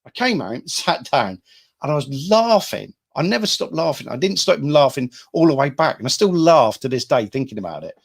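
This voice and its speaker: A man's voice: fairly high pitch, sing-song, fairly quick, gravelly, breathy edge. A middle-aged man from England, a hypnotherapy trainer, telling stories in a rambling, casual way to an online audience. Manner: rambling, repeats himself, acts out quotes loudly.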